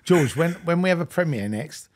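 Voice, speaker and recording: Excitable man hosting a podcast. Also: a little high, normal speed. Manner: laughs a lot, eager, stammers on restarts. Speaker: podcast host. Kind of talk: casual interview chat.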